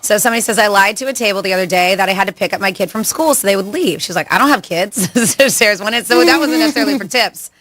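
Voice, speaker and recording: A woman's voice: mid-range voice, lively intonation, fast talker, few pauses, a bit bright, no echo. A woman co-hosting a radio show, chatting casually and laughing often as she reads listener messages. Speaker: radio co-host.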